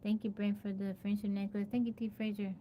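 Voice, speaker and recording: A woman's voice: medium pitch, level tone, a little fast, warm tone, a little hiss or hum. A woman chatting casually on a live stream, thanking viewers by name and laughing as she sounds out a hard word over and over. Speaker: livestreamer.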